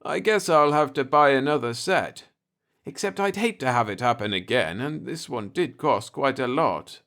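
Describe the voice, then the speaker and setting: A man's voice: medium pitch, expressive, normal speed, fairly bright tone, pitched above the performer's own voice. A man voicing an older, timid homeowner who speaks in a hesitant, mild and apologetic way.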